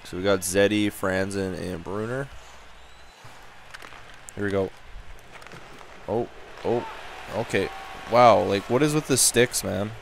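A young man giving casual, excitable commentary while playing a hockey video game, switching between low muttering and loud yelling. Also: takes it slowly, gravelly, long pauses, slight background noise. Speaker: gaming commentator.

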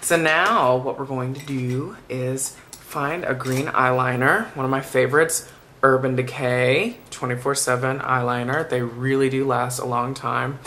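A soft-spoken man talks through a makeup tutorial, chatty and playful as he works. His middle-pitched voice carries a gravelly fry, and a faint hiss sits under the recording. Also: fairly even intonation, a little slow. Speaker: makeup vlogger.

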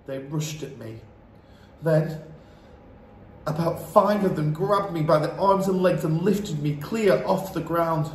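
A man's voice: fairly high pitch, slow, a little mellow. A man reading a children's book aloud as storyteller, narrating with dramatic expression. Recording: roomy echo, faint hiss.

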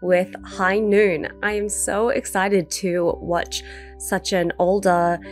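A woman's voice: medium pitch, flat delivery, slow, faint music behind. A woman hosting a movie reaction video, chatty and enthusiastic with casual fillers.

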